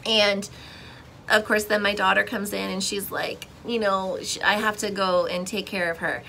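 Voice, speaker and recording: A young woman sharing a personal faith testimony in casual, expressive storytelling, with emotional swings and frequent restarts. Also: medium pitch, moderate pace, gravelly, a little hiss or hum, poor audio.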